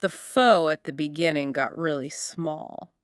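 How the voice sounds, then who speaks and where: A woman's voice: low voice, measured pace, smooth, dry recording, studio quality. A woman co-hosting a podcast, asking curious follow-up questions in a scripted teaching dialogue. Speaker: podcast co-host.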